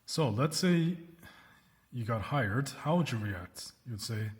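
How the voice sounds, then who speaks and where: Mid-pitched male English teacher in a reverberant room, clear patient lesson delivery with drawn-out model phrases. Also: expressive. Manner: slows down to model example sentences, checks with "right?" and "okay?". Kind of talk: recorded classroom lesson.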